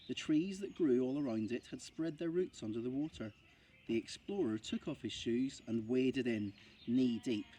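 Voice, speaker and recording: A man's voice: medium pitch, slight background noise. Man teacher reading a story aloud. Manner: steady, expressive storytelling. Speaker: primary school teacher. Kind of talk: reading a children's novel aloud.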